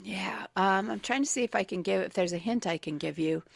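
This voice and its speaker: A woman's voice: medium pitch, a little fast, gravelly, no room sound. A woman co-hosting a morning radio show, playfully reading out trivia clues and giggling with her partner at a studio microphone.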